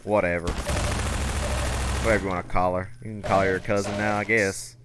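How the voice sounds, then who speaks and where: A man voicing a blunt, rambling rural father in a put-on Southern accent, halting and repeating himself. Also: sits low, little pitch movement, heavy background noise, voice pushed down, lightly acted. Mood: matter-of-fact. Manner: halting, repeats words, drawling.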